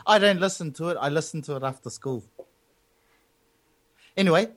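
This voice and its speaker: A man's voice: on the high side, moderate pace, a bit bright. A Māori-speaking man hosting a casual podcast, rambling and joking. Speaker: podcast host.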